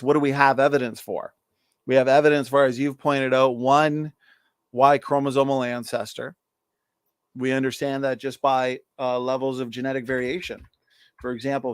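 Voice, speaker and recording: Man, co-host, smooth clear voice, dry close sound, methodical explainer. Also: medium pitch, no room sound. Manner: methodical, explaining data point by point. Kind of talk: live-stream apologetics talk.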